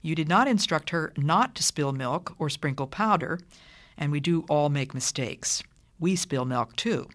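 A radio Bible teacher giving parenting advice in a firm, measured, deliberate way, sometimes dropping to a whisper. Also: mid-range voice, lively intonation, a bit bright. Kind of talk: scripted radio talk, teaching.

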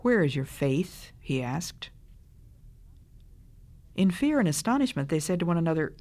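Older woman with a low voice teaching on radio. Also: very animated, a little slow, long pauses, a little mellow. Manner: earnest, conversational, asks listeners direct questions.

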